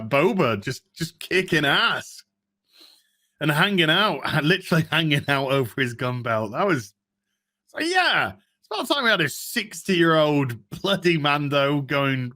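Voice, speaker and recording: A man's voice: fairly high pitch, expressive, measured pace, sharp tone. A man hosting a casual live stream, chatting and greeting viewers in the chat one by one.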